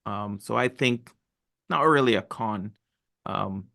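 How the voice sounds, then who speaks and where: A man's voice: lowish voice, takes it slowly, creaky, sharp tone. A man co-hosting a family podcast, talking reflectively and thinking aloud. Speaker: podcast co-host. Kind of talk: casual chat.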